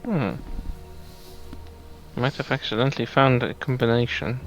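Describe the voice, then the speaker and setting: A man's voice: mid-range voice, a little slow, faint music behind, rough recording. A man chatting casually, hesitant and rambling with frequent fillers. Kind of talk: casual chat.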